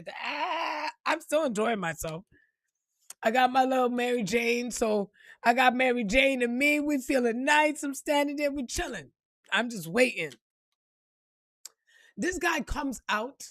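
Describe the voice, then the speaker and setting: Woman, casual profane vlog storyteller, slightly high voice, dry close sound. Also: no room sound. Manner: animated and profane, acting out quotes with laughs. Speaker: vlogger telling a personal story.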